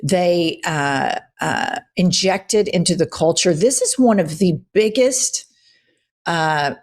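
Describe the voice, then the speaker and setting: Woman, low-pitched voice, heated political commentary, blunt, profane, emphatic host. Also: takes it slowly.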